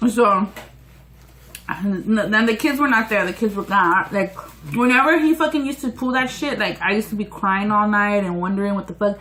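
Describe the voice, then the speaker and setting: A woman's voice: mid-range voice, normal speed, a bit bright, poor audio. A woman telling a couple's story in a brash, teasing way, swearing freely. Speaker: vlog co-host.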